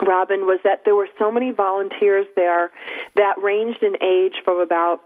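A woman's voice: medium pitch, steady tone, moderate pace. A middle-aged woman hosting a radio talk show, chatting casually and acting out quotes as she tells stories. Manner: chatty storyteller, acts out quotes. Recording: tinny phone-line radio audio.

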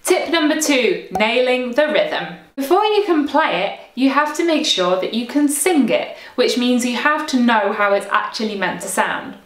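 A woman teaching recorder practice tips in a clear, encouraging way, sometimes singing rhythms aloud. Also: a little high, lively intonation, normal speed, few pauses, roomy sound.

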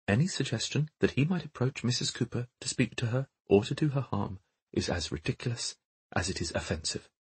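A man voicing a calm, matter-of-fact middle-aged mother who speaks quietly and precisely. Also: mid-range voice, fairly quick, husky, no echo, pitched above the performer's own voice. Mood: composed.

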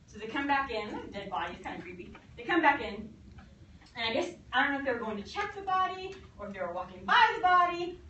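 A woman history teacher telling a lecture as a lively story, acting out quotes and laughing along. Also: high-pitched, fast talker, slight background noise. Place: classroom. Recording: echoey classroom from far off.

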